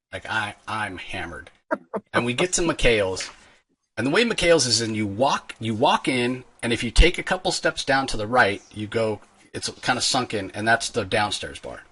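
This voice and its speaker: Male host, rambling animated storyteller, bright tone with a husky edge. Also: fairly low pitch. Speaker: podcast host. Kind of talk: casual storytelling chat.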